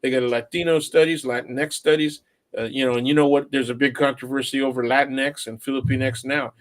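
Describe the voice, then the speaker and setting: A man's voice: medium pitch, fairly even intonation, a little fast. A man talking casually as an academic guest, hesitant, with many fillers. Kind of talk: casual conversation.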